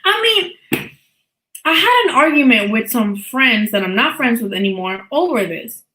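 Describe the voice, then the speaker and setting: A woman's voice: fairly high pitch, big pitch swings, a little slow, roomy sound, background noise. A woman in her thirties hosting a live boxing talk stream, chatting casually and bluntly, swearing freely and laughing often.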